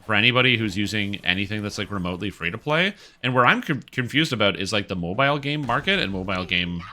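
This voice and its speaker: A man's voice: fairly low pitch, lively intonation, fast talker, bright, forceful tone. A man streaming a video game and chatting casually in a rambling way with many fillers. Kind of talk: casual gaming commentary.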